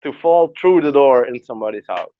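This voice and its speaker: A man's voice: mid-range voice, animated, brisk, no echo. A man co-hosting a casual podcast, hesitant and searching for words. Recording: dull lo-fi dry sound.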